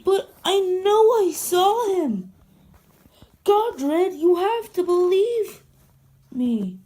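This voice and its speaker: Jittery toy train guy who keeps tripping over his words, slow and mellow, lady doing the voice. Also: on the high side. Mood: panicked. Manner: stammering, jumpy. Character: nervous male mountain steam engine.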